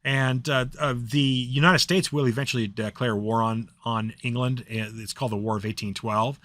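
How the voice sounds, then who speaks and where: A man's voice: mid-range voice, fairly even intonation, moderate pace, fairly bright tone, no room sound, studio quality. A man giving a casual history lecture, chatty and loose, with lots of fillers and restarts. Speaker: history teacher.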